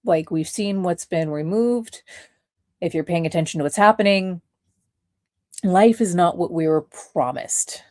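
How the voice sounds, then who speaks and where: A woman hosts a casual livestream talk with a fairly low-pitched voice. She speaks bluntly, laughs easily and acts out the people she quotes. The sound is dry and close. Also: measured pace, darkish tone, no echo. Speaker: podcast host.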